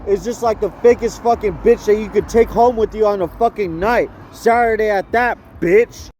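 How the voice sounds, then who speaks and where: A young man with a high voice rants in a loose, rambling way, swearing often and stumbling over restarts. He is recorded outdoors, with faint traffic noise behind him. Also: normal speed, a little mellow. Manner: profane, repetitive, restarts often. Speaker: vlogger. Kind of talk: rambling rant.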